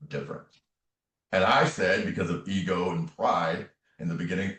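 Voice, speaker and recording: Deep-voiced earnest man, roomy and distant. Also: normal speed, a bit bright. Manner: earnest, repetitive, emphatic phrasing. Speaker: guest, tarot reader and spiritual medium. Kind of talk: earnest storytelling interview. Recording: roomy echo, distant from the mic.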